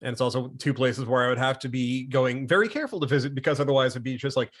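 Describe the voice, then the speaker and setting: A man, a guest on a whisky tasting show, chatting casually in rambling, animated stories. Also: mid-range voice, fast talker.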